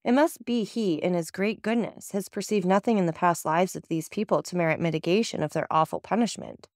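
A woman's voice: on the low side, fairly quick, a little mellow, no room sound, studio quality, lightly acted. A woman reading the lines of a solemn, devout young husband in an audiobook, grave and earnest.

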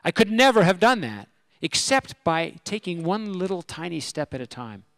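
Middle-aged guy telling a self-deprecating story, animated, dry close sound. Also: high-pitched, normal speed, no echo. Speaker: speaker at a religious convention. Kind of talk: personal storytelling talk.

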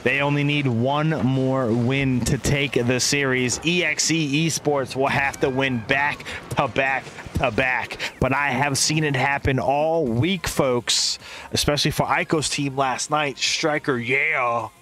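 A man's voice: mid-range voice, fairly even intonation, unhurried, fairly bright tone, a little hiss or hum. A man casting an esports match live with playful play-by-play, inventing silly words and chatting with viewers between plays. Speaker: esports caster.

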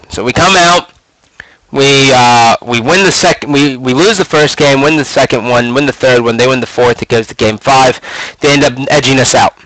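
A young man in his twenties tells stories with brash swagger, cursing freely and relishing trash talk. His voice sits at a middling pitch, and the recording is dry and close, with no room sound. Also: moderate pace, a bit bright, no echo, rough recording. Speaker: podcast host recounting esports career. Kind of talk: casual storytelling monologue.

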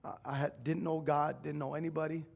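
Man, pastor, gravelly voice, slightly high pitch, emotional confessional sermon, rising to shouts. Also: level tone, fairly quick. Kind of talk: sermon testimony. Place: church sanctuary.

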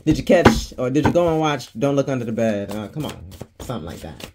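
A man's voice: medium pitch, sing-song, a little fast, background noise. A man giving a casual tarot reading, chatty and slangy, laughing often and swearing freely. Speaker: tarot reader.

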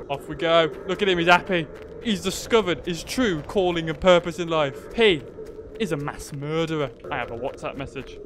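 A man giving casual, joking gameplay commentary, excitable and swearing freely. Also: a little high, normal speed, a little hiss or hum. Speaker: gaming youtuber.

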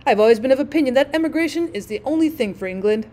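A woman voicing a calm, dry-witted middle-aged American gentleman in a storybook reading, speaking firmly in a matter-of-fact way. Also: high voice, racing.

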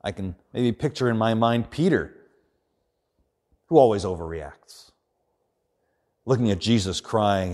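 A man preaching a sermon as pastor, earnest, often dropping quiet and slow for emphasis. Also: lowish voice.

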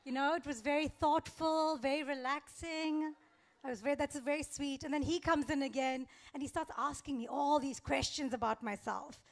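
A young woman performs a stand-up set, her voice high with a gravelly edge. She tells her story in a deadpan, faux-naive way, breaking into small laughs now and then. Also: normal speed. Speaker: stand-up comedian.

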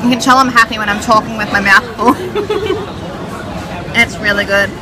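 A woman's voice: mid-range voice, fairly even intonation, normal speed. A young Australian woman chatting casually to her camera while shopping, giggly and self-mocking. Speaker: vlogger. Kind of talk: casual vlog chat. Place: busy shopping centre food court. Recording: loud crowd and background music.

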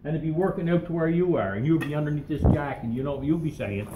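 A man's voice: mid-range voice, quick pace. An older man, a former coal miner guiding a mine tour and spinning joking stories, often checking in with "okay?" and "right?". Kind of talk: guided tour storytelling. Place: underground coal mine tunnel. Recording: echoey mine tunnel, distant mic, noisy.

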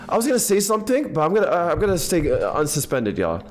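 A man of Ethiopian background giving casual gaming commentary in animated, excitable, slangy banter, tired and half awake. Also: on the high side, fairly quick. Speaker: game streamer. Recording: voice over game audio and faint music.

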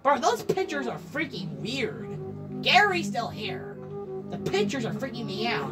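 A woman giving jumpy reaction commentary, her high voice leaping all over as she exclaims and swears. She talks slowly, a bit far from the mic, with clear music playing behind her. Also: wildly swooping pitch. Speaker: video reactor.

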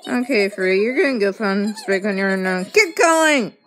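A woman's voice: mid-range voice, a little fast. A woman narrating gameplay, talking to the characters on screen and playfully scolding them. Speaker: game player.

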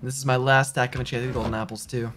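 A man's voice: medium pitch, level tone, fast talker, noisy background. A young man live-streaming a video game, talking to chat in a slangy way and repeating himself when frustrated.

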